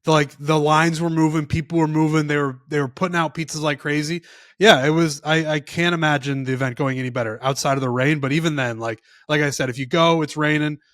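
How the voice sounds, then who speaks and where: A man's voice: fairly high pitch, fairly even intonation, quick pace, a bit bright, no echo, clean studio sound. A man co-hosting a podcast, chatting in a laid-back, agreeable way. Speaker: podcast co-host. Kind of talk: casual chat.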